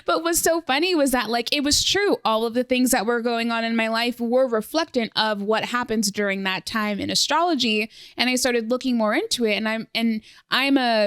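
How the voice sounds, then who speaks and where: A young woman hosting a podcast in casual conversation, lively and fond of acting out what others said to her. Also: fairly high pitch, moderate pace, few pauses, clean tone, no room sound, clean studio sound. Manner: animated, acts out quoted exchanges. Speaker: podcast host. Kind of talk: casual interview chat.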